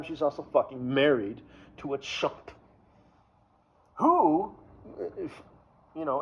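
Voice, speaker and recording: A man rambling through a crude personal story, full of fillers, trailing off into mumbles. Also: fairly high pitch. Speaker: vlogger. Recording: dull lo-fi recording.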